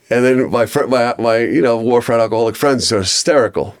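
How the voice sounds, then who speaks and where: A middle-aged man, a guest on a podcast, tells stories casually in a rambling way, with many restarts and lively quoted voices. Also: mid-range voice, fast, few pauses, no room sound, clean studio sound.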